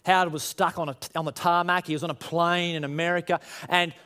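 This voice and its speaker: A man's voice: fairly high pitch, flat delivery, brisk, sharp tone, clean tone. A man, preaching a conversational sermon to his congregation and rising in emphasis as he tells stories. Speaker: pastor.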